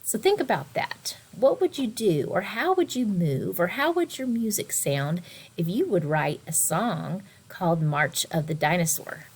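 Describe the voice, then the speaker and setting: Lively woman teaching a kids' music lesson. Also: lowish voice, breathy edge. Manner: lively, expressive, slows and whispers for emphasis. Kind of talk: recorded online lesson for children.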